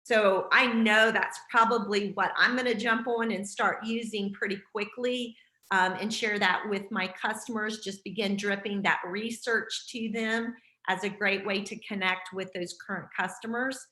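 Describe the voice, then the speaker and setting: A woman's voice: medium pitch, fairly even intonation, normal speed, pushed and bright, roomy sound. A woman hosting a casual team video call, chatty and encouraging with lots of fillers.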